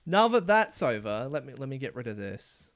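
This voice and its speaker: A man's voice: mid-range voice, big pitch swings, normal speed, dry recording. A man streaming a video game live, chatting casually as he plays. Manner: casual, chatty, trails off quietly. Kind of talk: live gaming stream commentary.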